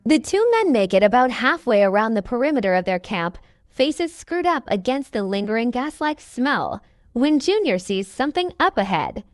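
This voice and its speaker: A woman reading a horror story in a slow, measured scripted narration. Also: a little high, sing-song, no room sound, studio quality.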